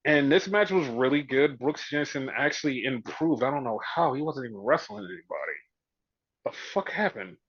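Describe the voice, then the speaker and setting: A man's voice: mid-range voice, moderate pace, breathy edge, no room sound. A man hosting a casual wrestling recap, retelling scenes with quoted voices and plenty of swearing. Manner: profane, animated retelling with mimicked quotes. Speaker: podcast host. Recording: dull, dry lo-fi audio.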